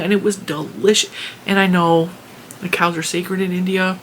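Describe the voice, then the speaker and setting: A middle-aged woman, a crafting channel host, telling a story in a casual, animated and exasperated way. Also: lowish voice, moderate pace, slight background noise. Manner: animated, exasperated retelling with laughs.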